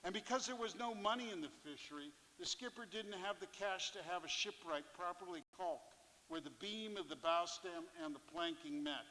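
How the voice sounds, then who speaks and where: Man, bright high voice, live stage reading of a sea story, long theatre reverb. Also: normal speed. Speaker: fisherpoet performer. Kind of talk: reading a first-person fishing memoir on stage.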